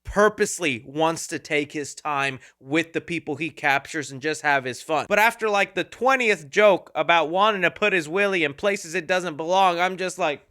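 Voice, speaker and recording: A man's voice: a little high, bright, forceful tone. A man giving a casual movie review in a sarcastic, jokey way. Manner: sarcastic, jokey, fond of quick impressions. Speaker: film reviewer.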